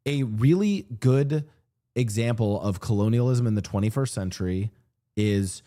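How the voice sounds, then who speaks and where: A man streaming and chatting casually about world politics, rambling and animated, often restarting his sentences and slipping into mock voices. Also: fairly low pitch. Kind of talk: casual livestream chat. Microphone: streaming desk mic.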